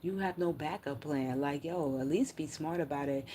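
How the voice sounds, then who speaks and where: A woman's voice: deep voice, normal speed, warm tone, a little hiss or hum. A woman ranting bluntly and profanely on a casual livestream, reading chat comments aloud.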